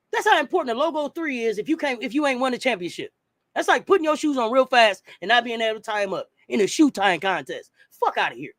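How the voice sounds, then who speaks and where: A man's voice: very high-pitched, a bit bright, dry recording, studio quality. A man in a heated sports talk rant, blunt and profane, firing off rhetorical questions. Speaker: sports commentator.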